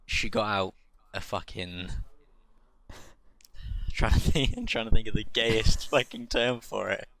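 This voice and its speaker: A young man co-hosting a comedic podcast, telling absurd stories deadpan and laughing often. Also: lowish voice, takes it slowly, vocal fry, long pauses. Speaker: podcast co-host. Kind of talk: comedic casual chat.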